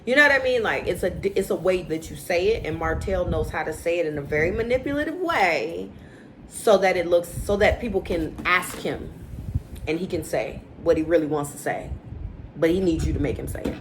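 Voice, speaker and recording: Recap host: chatty woman, lowish voice, opinionated, faint hiss behind. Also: fairly quick, poor audio. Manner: chatty and opinionated, acts out quotes with animated inflection. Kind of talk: casual recap commentary.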